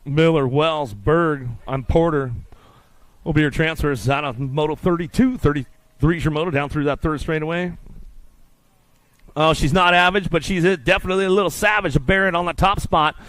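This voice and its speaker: A man calling live BMX races in rapid, rhythmic announcer patter at an outdoor track. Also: on the high side, fairly bright tone, no echo. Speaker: race announcer. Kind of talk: live BMX race commentary.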